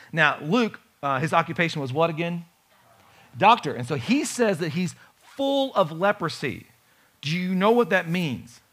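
Male pastor, lively sermon delivery, rhetorical questions, bright slightly high voice. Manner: animated preaching with rhetorical questions to the congregation. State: has a bad knee.

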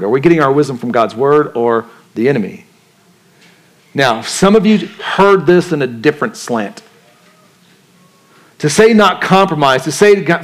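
Man, pastor, sermon, conversational preaching, direct questions to the crowd, fairly high voice.

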